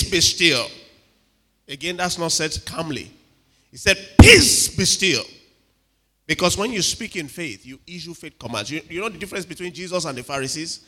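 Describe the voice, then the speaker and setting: A man preaching a sermon with animated delivery, acting out quotes and checking in with the congregation. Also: on the high side. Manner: animated, dramatic, acts out quotes, asks the crowd "are you with me". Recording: reverberant hall.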